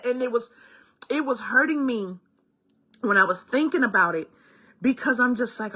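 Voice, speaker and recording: Bright husky-voiced woman, impassioned. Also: mid-range voice, sing-song, a little slow. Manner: heartfelt, exclamatory, speaks directly to listeners as "baby" and "my loves". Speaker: spiritual guide. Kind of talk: spiritual card reading talk.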